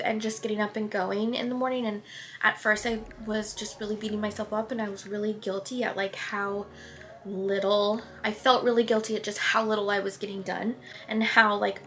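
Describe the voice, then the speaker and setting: A woman's voice: mid-range voice, a bit bright. A young woman vlogging casually to camera, chatty and rambling, a little out of breath. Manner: chatty, rambling, frequent laughs.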